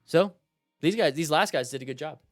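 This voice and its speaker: A young man hosting a motorcycle channel, commenting on riding videos in a casual, animated way and giving blunt advice. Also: fairly high pitch, fairly quick, soft background music.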